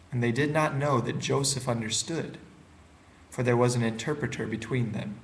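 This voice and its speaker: A man giving a calm, steady, unhurried reading of scripture. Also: medium pitch, slight background noise. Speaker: scripture reader.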